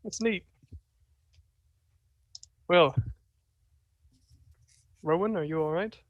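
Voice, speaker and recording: A man's voice: high voice, drawn-out words, dry recording, highs cut off. A man playing a curious investigator in a tabletop game, chatty and often cutting himself off. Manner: chatty, self-interrupting, laughs often. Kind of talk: tabletop role-play over a voice call.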